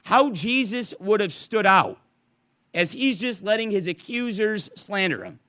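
High, bright-voiced man preaching. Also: measured pace. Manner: conversational, earnest, animated with restarts. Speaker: pastor. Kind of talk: verse-by-verse evening sermon.

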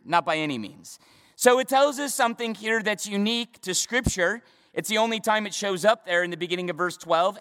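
A pastor preaches a midweek Bible study sermon in a high, bright, forceful voice, leaning on emphatic repetitions and rhetorical questions. Long hall reverb fills the recording.

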